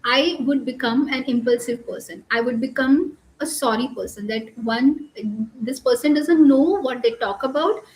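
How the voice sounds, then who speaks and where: High-voiced woman coach talking through feelings, earnest, lots of restarts, roomy echo. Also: a little hiss or hum. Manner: earnest, explains slowly with restarts and pauses. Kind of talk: live talk on emotional regulation.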